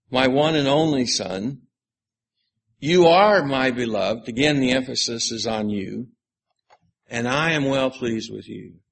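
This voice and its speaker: A man preaching an earnest, measured sermon on a gospel passage, slowing down to stress key words. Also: mid-range voice, fairly bright tone, a little hiss or hum. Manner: measured, earnest, slows for emphasis. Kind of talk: sermon on scripture.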